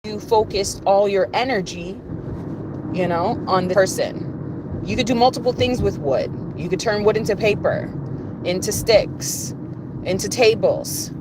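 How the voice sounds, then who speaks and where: A woman's voice: medium pitch, measured pace, background noise. A woman giving a conversational, rambling spiritual message, often repeating phrases for emphasis. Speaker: spiritual reader. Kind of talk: spiritual reading monologue.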